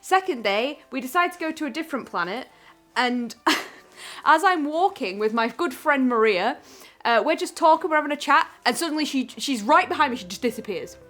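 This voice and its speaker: A young woman tells stories in a bright, high voice that swoops up and down all the time. She is animated and acts out her own shouting. Faint music plays under the talk. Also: normal speed. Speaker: co-host. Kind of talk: casual chat.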